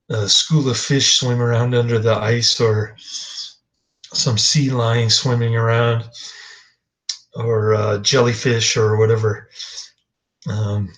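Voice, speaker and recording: A man's voice: on the low side, flat delivery, slow pace, pauses often, poor audio. A man giving a casual, rambling movie review, hesitant with many fillers and restarts, dry and dismissive.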